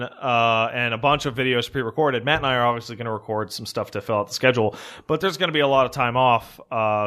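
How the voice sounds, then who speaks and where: A young man trades sarcastic quips and teasing jabs in relaxed podcast chat, swearing casually. He speaks at a middling pitch in an easygoing, dry way. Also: clear, resonant tone. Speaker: podcast co-host.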